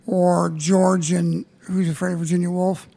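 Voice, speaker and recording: High-voiced, gravelly stage manager. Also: male voice, little pitch movement, a little slow, warm tone. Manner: dry, understated, low-key. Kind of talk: casual interview storytelling.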